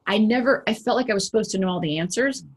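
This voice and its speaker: Husky-voiced woman coaching with animated energy. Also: mid-range voice, fast. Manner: animated and conversational, asking rhetorical questions; acts out quoted remarks in livelier voices. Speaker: executive coach. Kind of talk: motivational talk to camera.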